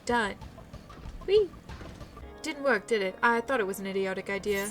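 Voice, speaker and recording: Brief: woman game streamer, joking commentary, soft music behind. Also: mid-range voice, animated, moderate pace, long pauses. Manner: playful, joking asides. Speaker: gaming channel host.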